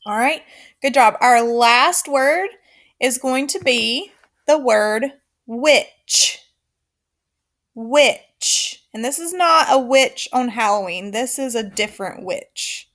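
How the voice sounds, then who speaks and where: A woman teacher's fairly high, slightly bright voice guides young children through a recorded phonics lesson. Slow, clear and encouraging, she uses counted call-and-response.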